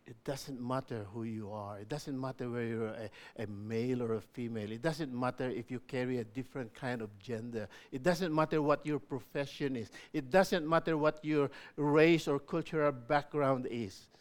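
A man's voice: mid-range voice, normal speed, hardly any pauses. A man preaching a sermon, explaining scripture with emphatic repetition. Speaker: pastor.

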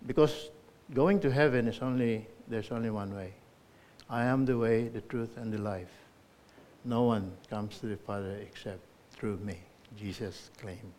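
A man preaching a sermon in church, earnestly urging listeners, rising to emphatic peaks and falling to soft endings. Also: fairly low pitch, measured pace. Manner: earnest exhortation with emphatic rises and soft drops.

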